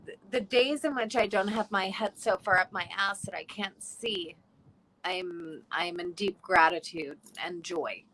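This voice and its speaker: Woman guest on a live chat, bright voice, thoughtful and a bit self-deprecating. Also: lowish voice, a little slow, a little hiss or hum, poor audio. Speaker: guest, actress. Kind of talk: casual live-stream chat.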